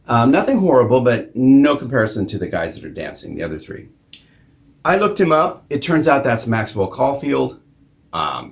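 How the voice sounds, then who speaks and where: An older man hosting a vlog, giving a cranky, sarcastic review of a movie in casual talk with sighs and ums. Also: medium pitch.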